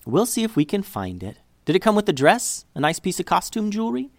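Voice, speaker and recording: A gentle, motherly party hostess with a lifted, singsong voice that keeps reassuring a child in a storybook scene, as a man reading the tale puts her on. The room sound is dry and close. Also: high voice, huge pitch swings, a little fast, no room sound, voice pushed up, exaggerated voice. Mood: concerned. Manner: soothing and reassuring. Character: kind, motherly woman hosting a party.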